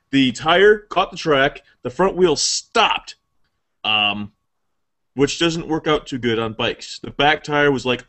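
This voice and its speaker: A man's voice: mid-range voice, pushed and bright. Male podcast host, rambling profane storyteller, mid-range voice. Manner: rambling, profane, laughs at own stories. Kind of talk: casual storytelling.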